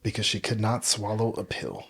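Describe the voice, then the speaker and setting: Husky-voiced man co-hosting a podcast. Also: lowish voice, normal speed. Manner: animated storyteller, jokey, repeats himself. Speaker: podcast co-host. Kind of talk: casual chat.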